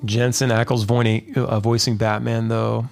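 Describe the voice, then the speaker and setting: Man, podcast host, casual stream chat, rambling with fillers, gravelly fry, faint music behind. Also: medium pitch, level tone, moderate pace, darkish tone. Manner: laid-back, rambling, full of fillers and "dude".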